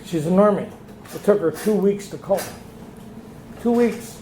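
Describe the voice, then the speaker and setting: High-voiced man telling his story. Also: a little slow, dark tone, slight background noise. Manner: storytelling, acts out quoted dialogue. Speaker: retreat speaker. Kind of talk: recovery meeting share. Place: meeting hall. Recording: echoey room.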